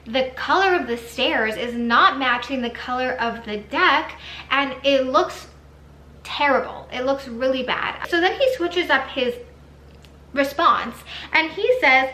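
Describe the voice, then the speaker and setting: A young woman tells an exasperated storytime in her vlog, her voice high and bright, and she says "like" again and again. She is recorded in an echoey room with a faint hiss behind her. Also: unhurried. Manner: animated and exasperated, many "like"s. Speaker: vlogger.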